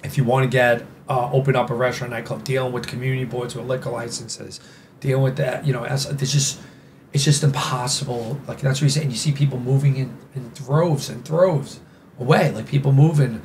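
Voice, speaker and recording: A man's voice: mid-range voice, fairly even intonation, brisk, darkish tone, slight background noise. New York-accented man, rambling and emphatic. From New York City. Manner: rambling and emphatic, with many "you know" and "like" fillers. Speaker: podcast guest. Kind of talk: casual interview conversation.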